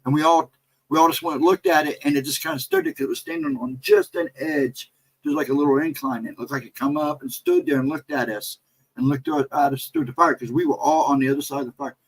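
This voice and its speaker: A middle-aged American man hosting a casual livestream, telling a story in a rambling, animated way and reading out chat messages. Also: fairly high pitch, fast, creaky, slight background noise, low-quality recording. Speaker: livestream host.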